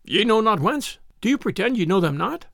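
A man's voice: high voice, very animated, fairly quick, creaky, a bit bright, dry recording, clean studio sound, full character voice. A man voicing a stern, arrogant nobleman who speaks sharply and commandingly in an old-fashioned storybook tale.

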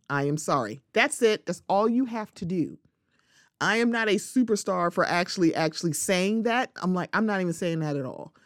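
Animated woman podcast host, dry sound. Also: lowish voice, dry recording. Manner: animated, conversational, acts out quoted exchanges. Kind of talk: solo podcast commentary.

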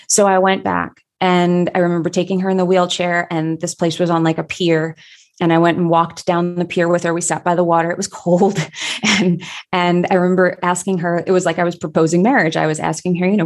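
A woman telling a personal story in a reflective, conversational way, pausing often with fillers. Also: fairly low pitch, fairly even intonation, darkish tone.

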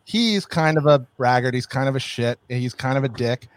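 A male podcast co-host in loose, casual conversation. He hesitates often and restarts his sentences. His voice sits at an ordinary middle pitch. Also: expressive, normal speed, no room sound. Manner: hesitant, frequent restarts and fillers. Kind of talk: casual chat.

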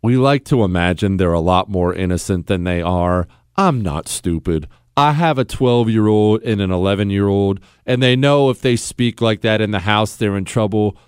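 A man in his forties hosting a call-in radio talk show, emphatic and animated, dropping from loud to low. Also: moderate pace, few pauses, clean tone, dry recording, clean studio sound.

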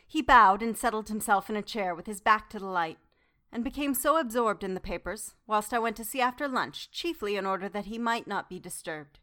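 A woman's voice: medium pitch, fairly quick, a bit bright. Woman reading a classic novel aloud. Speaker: audiobook narrator. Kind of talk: first-person classic novel narration.

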